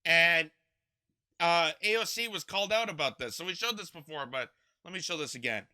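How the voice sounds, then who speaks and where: Brief: indignant young male commentator, high and very bright, fired-up rant. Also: lively intonation, moderate pace. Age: young adult. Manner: impassioned, indignant, repeats himself. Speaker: political commentary host. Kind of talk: ranting political commentary.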